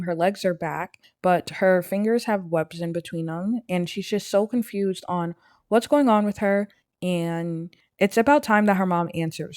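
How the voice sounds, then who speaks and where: A woman's voice: medium pitch, a little mellow, no echo. Chatty young woman narrating gameplay. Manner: chatty, voices her characters' thoughts. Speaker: gameplay streamer. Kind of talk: casual let's-play commentary.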